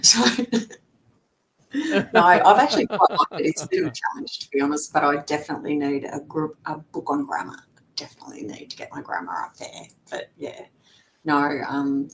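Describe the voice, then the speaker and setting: A middle-aged woman, a lawyer guest in a casual interview, talking chattily with frequent fillers and laughs. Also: low-quality recording. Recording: faint background rumble.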